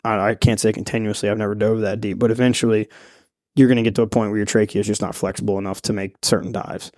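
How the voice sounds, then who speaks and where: A man who teaches freediving and spearfishing, telling a long story in a podcast interview in a rambling, animated way with laughs and restarts. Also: fairly low pitch, fast, no room sound, studio quality.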